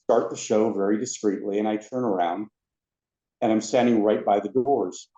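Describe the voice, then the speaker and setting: A man with a lowish, mellow voice tells anecdotes as a podcast guest. He is a lively storyteller who slips into the voices of the people he describes. The sound is roomy and a little dull, like a lo-fi recording. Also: moderate pace. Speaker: podcast guest, former theme park ride attendant.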